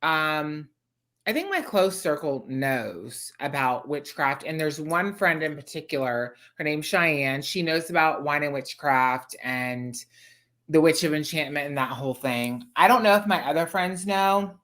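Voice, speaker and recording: A man co-hosting a casual live-stream chat, reading viewer comments aloud in a relaxed way. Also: a little high, unhurried. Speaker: co-host.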